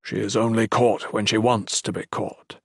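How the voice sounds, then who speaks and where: A man's voice: on the low side, little pitch movement, moderate pace, vocal fry, husky, dry recording, clean studio sound. A man voicing a blunt, stern old male magician.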